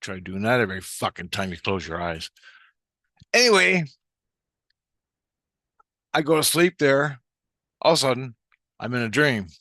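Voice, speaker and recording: A man's voice: mid-range voice, big pitch swings, measured pace, pauses often, sharp tone, dry recording. A man telling a rambling personal spiritual story in a casual, profane way, often restarting his sentences. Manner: profane, meandering, with frequent restarts. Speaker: spiritual vlogger.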